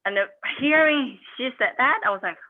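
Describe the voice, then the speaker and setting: A young woman from China with a Chinese accent, doing a deadpan, self-mocking stand-up set and acting out quotes. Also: sits high, brisk. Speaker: stand-up comedian. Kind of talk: stand-up set over a video call. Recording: tinny phone-like audio.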